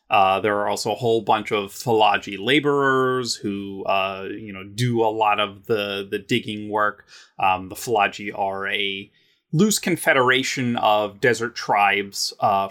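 A man's voice: fairly low pitch, pushed and bright. A man co-hosting a podcast in casual chat, rambling with many fillers and restarts and cracking playful jokes. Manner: laughs often, with playful jokey asides. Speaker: podcast co-host.

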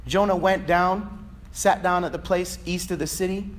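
A man preaching a sermon, swinging between fervent shouting and quiet, conversational asides. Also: sits high, fairly even intonation, normal speed. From Virginia, USA. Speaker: pastor.

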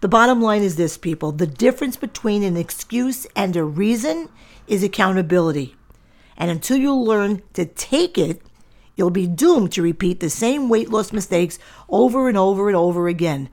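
A woman's voice: medium pitch, animated, moderate pace, darkish tone. A middle-aged woman hosting her own podcast, talking firmly and directly to listeners in a lecturing monologue. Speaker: podcast host and diet center owner.

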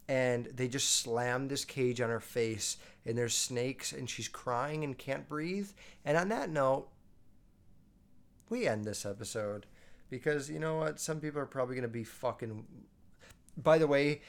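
Rambling young man, casual swearing commentary. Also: mid-range voice. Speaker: host.

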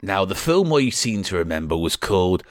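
A man's voice: low-pitched, big pitch swings, moderate pace, no echo, studio quality. A man playing a pompous talk show host interviewing an actor in a comedy sketch.

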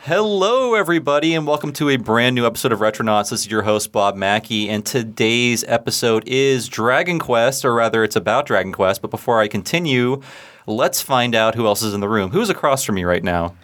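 A man's voice: mid-range voice, lively intonation, a little fast, fairly bright tone. A man hosting a podcast, talking loosely and chattily with frequent fillers. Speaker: podcast host. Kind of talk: casual podcast chat.

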